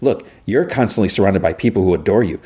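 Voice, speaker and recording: A man voicing a sulky, sarcastic teenage girl in a cartoon recap, in his own low voice. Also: expressive, fast, mellow, slightly rough.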